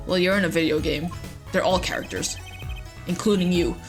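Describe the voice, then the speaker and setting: A woman's voice: fairly low pitch, steady tone, fairly quick, long pauses, music in the background. A young woman giving playful, self-mocking commentary while playing a game. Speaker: let's play host. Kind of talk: casual gaming commentary.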